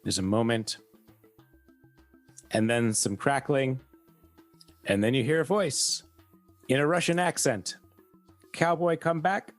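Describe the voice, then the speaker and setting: A man acting as game master, narrating a tabletop game in a relaxed, descriptive way. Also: mid-range voice, takes it slowly, long pauses. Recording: faint music behind.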